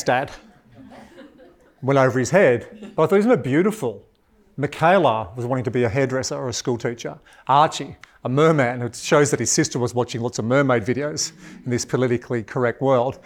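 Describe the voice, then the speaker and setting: An Australian man giving a live keynote in a large hall, joking and energetic as he talks with the audience. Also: fairly high pitch. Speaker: keynote speaker.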